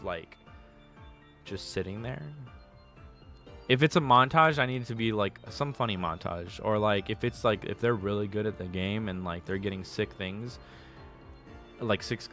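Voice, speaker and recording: A man's voice: fairly low pitch, a bit bright. A male streamer chatting casually with his viewers, rambling through restarts and fillers.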